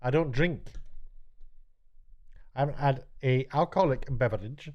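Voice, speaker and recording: A man's voice: medium pitch, moderate pace, pauses often. A middle-aged man rambling chattily through a late-night vlog, stumbling and restarting as he mocks himself. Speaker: YouTuber and TV director. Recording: dull lo-fi sound.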